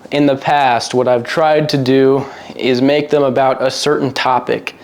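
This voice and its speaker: A young man talking to the camera in a loose, rambling vlog monologue, crude and joking, with sudden tangents. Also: a little mellow. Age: young adult. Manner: crude, joking, rambling, mimics others in a high voice. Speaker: vlogger. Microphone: single mic, a cappella opener.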